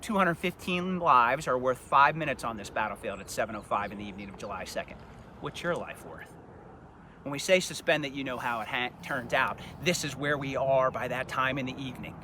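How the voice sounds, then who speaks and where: A man's voice: medium pitch, fairly quick, few pauses, sharp tone, slight background noise. A middle-aged man guiding a live outdoor battlefield talk, telling the story dramatically and asking rhetorical questions. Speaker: battlefield historian guide.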